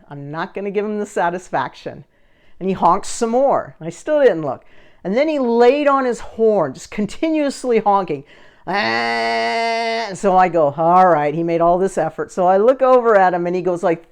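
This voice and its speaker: A woman vlogger telling a story to camera in a casual way, acting out the other people in it. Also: medium pitch. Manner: animated, acts out the other people in her story. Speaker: vlogger running a social media page.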